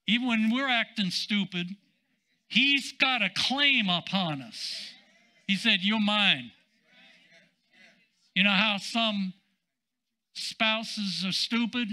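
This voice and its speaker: An older man, a senior pastor, preaching a sermon in an emphatic, drawn-out way with casual asides. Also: high-pitched, bright, forceful tone, poor audio.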